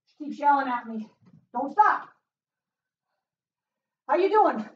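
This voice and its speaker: A woman leading a home workout as a fitness instructor, cheering with loud whoops and getting out of breath as she exercises. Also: high voice, animated, slow pace. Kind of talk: live workout coaching. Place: small closed room at home. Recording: roomy, distant, dull sound.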